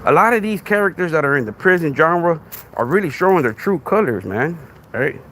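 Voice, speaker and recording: A podcast host with a Texan accent, confronting a commenter on a live stream and asking one rhetorical question after another. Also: male voice, on the high side, animated, a little fast, a bit bright, a little hiss or hum.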